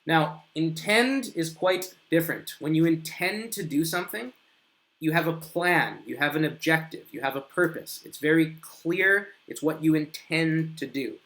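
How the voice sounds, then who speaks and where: A man teaching an English grammar lesson live, reading viewers' comments aloud, correcting them and drawing out his example sentences slowly. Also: fairly high pitch, fairly bright tone.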